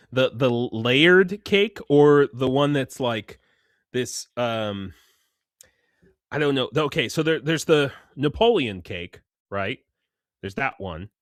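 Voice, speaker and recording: Male guest on a video call, dry close sound, rambling anecdotal delivery, mid pitch. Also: dry recording. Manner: rambling, animated storytelling with laughs and restarts. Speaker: guest, foreign soldier serving in Ukraine. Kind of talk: casual video chat.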